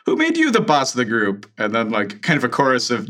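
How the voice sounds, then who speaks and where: A man's voice: mid-range voice, fairly quick, hardly any pauses. A man hosting a casual podcast chat, laughing easily and moving the show between segments. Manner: relaxed, laughing, runs the segments. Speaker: podcast host.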